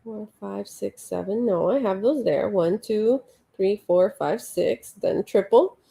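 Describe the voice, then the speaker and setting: A woman hosts a casual late-night livestream, chatting in a slow, warm, mid-range voice with vocal fry. She counts her crochet stitches under her breath and reads out viewer comments as she talks.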